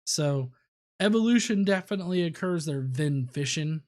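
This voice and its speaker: A man's voice: fairly high pitch, lively intonation, darkish tone. A man hosting a casual livestream from home, ranting and rambling with plenty of swearing. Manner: profane, rambling, quick to rant. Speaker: livestream host.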